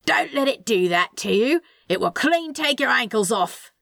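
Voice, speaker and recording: Storybook reading: woman voicing a high, drawn-out, indignant male demon, melodramatic. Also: expressive, creaky, dry recording, clean studio sound. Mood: panicked. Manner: theatrical, indignant yelling. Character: dramatic paranoid male demon.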